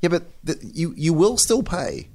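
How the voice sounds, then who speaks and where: A man's voice: on the high side, very animated, moderate pace, darkish tone. An Australian man co-hosting a finance podcast, talking casually and thinking aloud with many restarts and repeated words. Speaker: podcast co-host. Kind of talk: casual chat.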